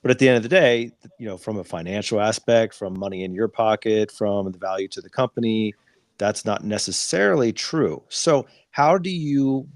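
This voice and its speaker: A man hosts a podcast and frames his questions in a measured, searching way. His voice sits a little low, and the sound is dry and close. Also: no room sound. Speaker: podcast host. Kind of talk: podcast interviewing.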